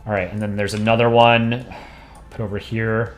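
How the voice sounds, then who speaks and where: A man's voice: fairly low pitch, flat delivery, normal speed. A man hosting a drawing livestream, chatting offhand and rambling as he thinks aloud, with the odd chuckle. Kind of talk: casual livestream chat while drawing. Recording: roomy echo with faint music behind.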